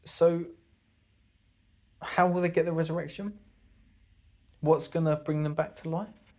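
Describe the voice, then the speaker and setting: A man's voice: fairly high pitch, flat delivery, unhurried, darkish tone. Earnest man giving a congregation talk. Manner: earnest, conversational, asks the audience rhetorical questions. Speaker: congregation speaker.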